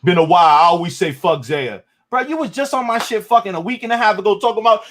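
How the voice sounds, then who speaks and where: A man hosting a live stream, ranting loudly and profanely in casual talk, with sudden shouts. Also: sits high, very animated, quick pace, few pauses. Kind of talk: heated casual rant.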